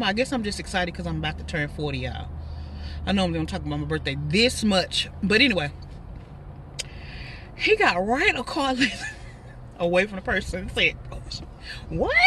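A woman's voice: mid-range voice, a bit bright, far from the mic, a little hiss or hum. A woman in her thirties with a Texas accent, chatting casually and laughing while she eats in her parked car. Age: 30s. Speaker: vlogger. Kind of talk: casual car mukbang chat.

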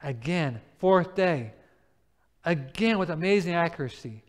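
A man preaching a sermon and presenting a Bible series, telling lively everyday stories, acting out the people in them and putting questions to his listeners. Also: on the high side, measured pace. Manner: animated storytelling, acts out everyday scenes and voices, asks the listeners questions. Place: church sanctuary. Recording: long reverb of a church hall.

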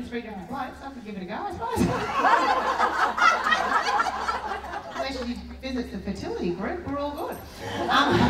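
A high, swooping middle-aged Australian woman delivers a stand-up routine, mocking herself with quick punchy asides. She sounds distant from the mic in a big echoey hall, with loud audience laughter rolling behind her. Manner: animated, self-mocking storytelling with punchy asides. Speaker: stand-up comedian. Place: large expo hall stage. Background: audience laughing loudly.

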